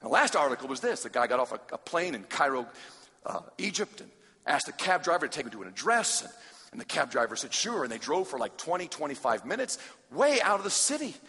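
A man preaching a sermon in a large hall, dramatic, swinging from loud urgency to a hushed near-whisper. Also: a little high, very animated, quick pace, slightly rough. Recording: long hall reverb.

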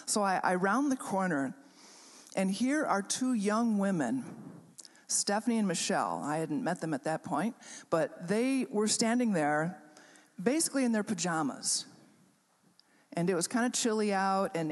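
A woman pastor telling a story in a sermon, talking conversationally with many fillers and restarts. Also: fairly low pitch. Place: chapel hall. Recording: long reverb of a chapel hall.

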